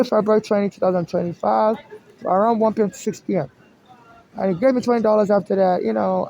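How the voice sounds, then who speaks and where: A man talking in a rambling casual monologue to camera, filling his pauses with "you know". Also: high-pitched, creaky, poor audio. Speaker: vlogger. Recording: music playing behind the voice.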